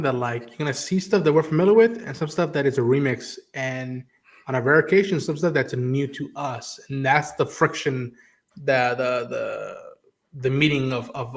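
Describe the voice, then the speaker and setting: A man hosting a podcast livestream, talking casually and animatedly, swearing and acting out characters' lines as he recaps. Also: medium pitch. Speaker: podcast host. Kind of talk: casual livestream talk about an episode.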